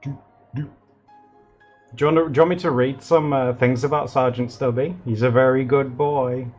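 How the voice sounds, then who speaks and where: A man streaming live while drawing, chatting excitably and rambling with lots of fillers in a slightly husky voice. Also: medium pitch, normal speed, dull audio, soft background music.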